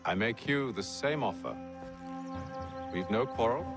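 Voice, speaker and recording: A man's voice: mid-range voice, expressive, close to an everyday voice. An actor playing a terse, stern man. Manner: terse and measured. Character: calm, stern, unyielding adult man. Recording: video game cutscene with music.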